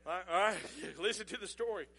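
A man's voice: high-pitched, fast, creaky, bright, forceful tone. A middle-aged man, telling a folksy, chuckling story as a sermon illustration. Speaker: pastor.

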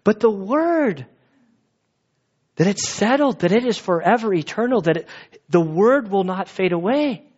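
A man's voice: high voice, animated, measured pace, a little mellow, husky. Earnest man preaching a sermon. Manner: earnest, conversational, emphatic. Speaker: pastor. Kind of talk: expository sermon. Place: church sanctuary. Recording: dull lo-fi recording.

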